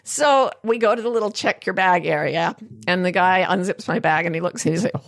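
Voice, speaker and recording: An older woman hosts a podcast, casually telling a story with lots of energy, frequent laughter and acted-out lines for other people. Her voice is lowish, expressive and a little fast.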